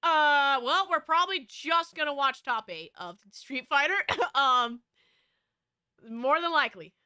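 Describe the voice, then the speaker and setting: A VTuber streamer with an American West Coast accent chats casually and rambles, full of fillers and restarts. Her high voice is animated, bright and forceful at a measured pace, in studio-quality audio with no echo.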